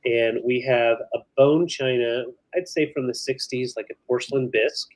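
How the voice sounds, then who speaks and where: A man's voice: medium pitch, steady tone, moderate pace, a little hiss or hum, low-quality recording. Easygoing middle-aged man co-hosting a sale. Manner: easygoing, relays chat comments. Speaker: live sale co-host. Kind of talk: casual live auction chat.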